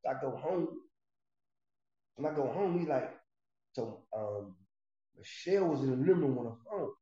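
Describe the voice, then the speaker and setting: Man, middle-aged, streetwise storyteller, mellow dark voice, profane, echoey room. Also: mid-range voice, expressive, moderate pace. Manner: streetwise and profane, rambling with restarts. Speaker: storyteller recounting his past. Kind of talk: casual storytelling. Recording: roomy, slightly dull recording.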